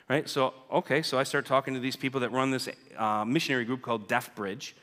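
A man's voice: medium pitch, quick pace, hardly any pauses, fairly bright tone. Guy chatting from the pulpit, lots of "right?", echoey church sound. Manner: chatty, keeps asking "right?", acts out quoted people. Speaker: guest speaker reporting on mission work. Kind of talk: casual, joking church talk with slides. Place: church sanctuary. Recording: church hall with long reverb.

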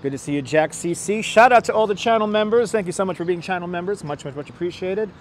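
A man from New York walks a city tour and greets his live stream viewers by name in an easy, chatty way. His voice sits a little high for a man. He talks into a clip-on mic, with faint city traffic noise behind him. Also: fast. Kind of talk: casual live-stream chat. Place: outdoors on city streets by a river. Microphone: wireless clip-on mic.

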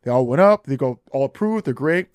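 A man's voice: mid-range voice, a little fast, clean tone, no room sound. A man in his fifties, a podcast guest telling stories casually and animatedly, acting out other people's lines. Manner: animated, acts out dialogue in shifting voices. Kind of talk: casual storytelling.

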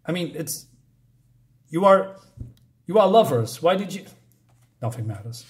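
Man, comic reviewer, mocking and sarcastic, slightly higher voice. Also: big pitch swings, a little slow.

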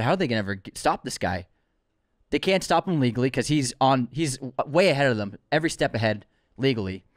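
A man's voice: on the high side, no room sound, studio quality. Enthusiastic teasing male podcast co-host. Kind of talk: casual chat.

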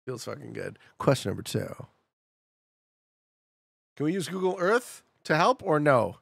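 A man streaming a geography game, chatting casually with his viewers and bursting out excitedly when he gets it right. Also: fairly high pitch, measured pace, vocal fry, no echo, clean studio sound. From Canada. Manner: chatty, talks to chat, excitable outbursts. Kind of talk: casual live-stream commentary.

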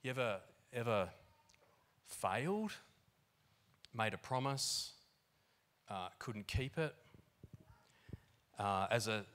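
A man preaching a sermon in an animated, conversational way, with lots of fillers. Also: fairly low pitch, slow pace, pauses often. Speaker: pastor. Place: church hall.

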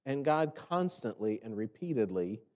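An American man preaching a sermon as pastor, animated and often mimicking the complaining voices of others. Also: lowish voice, moderate pace. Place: church sanctuary. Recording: long church reverb.

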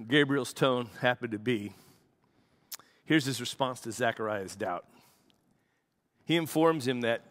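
A man, a pastor, preaching a sermon and telling a story with lively acted-out quotes. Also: mid-range voice, unhurried, long pauses. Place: church.

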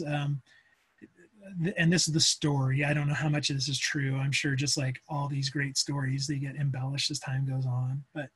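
A man gives a physics lecture in a loose, conversational way, full of asides and filler words. His voice sits a little high and has a husky edge. He speaks over a video call. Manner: chatty and informal, with many fillers and asides. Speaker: physics instructor. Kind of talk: casual lecture.

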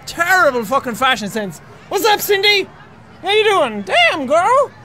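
Irish man, gaming commentary, very high voice, shouting and swearing, music and crowd noise behind. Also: sing-song, moderate pace. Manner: loud, screaming, swearing, frequent laughing. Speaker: gaming video host. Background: music and crowd sounds.

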